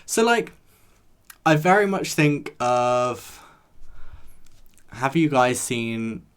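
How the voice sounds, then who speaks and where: A man's voice: mid-range voice, animated, extremely slow, smooth. A man reviewing a TV episode in a chatty, rambling way, talking straight to his viewers. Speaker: show reviewer. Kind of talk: casual chat to camera.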